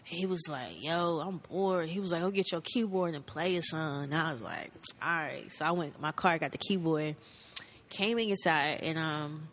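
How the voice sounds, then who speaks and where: A woman's voice: low-pitched, normal speed, fairly bright tone, slight background noise. A woman in her thirties from North Carolina, a musician guest telling her story in a laid-back way, filling it with "like" and acting out old conversations. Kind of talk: casual storytelling.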